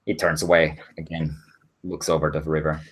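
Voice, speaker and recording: A man narrating a tabletop role-playing game as game master, in a loose, casual way with many pauses and restarts. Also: a bass voice, little pitch movement, breathy edge. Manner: casual, many ums and self-corrections.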